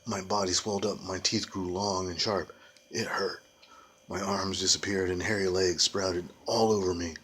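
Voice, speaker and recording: A man's voice: sits low, fairly even intonation, moderate pace, fairly bright tone, slight background noise. A man reading a children's ghost story aloud, adding playful casual asides. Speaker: reader of a children's book.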